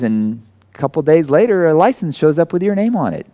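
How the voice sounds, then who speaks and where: A man in his forties giving a conversational sermon, animated and self-deprecating, acting out the people he quotes. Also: a little high, a little fast. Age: 40s. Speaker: guest preacher.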